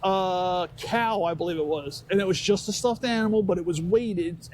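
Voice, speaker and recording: A man's voice: high-pitched, moderate pace, few pauses, a little mellow. A man co-hosting a casual chat podcast, ranting sarcastically about everyday annoyances. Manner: sarcastic complaining rant with put-on mocking voices. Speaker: podcast co-host.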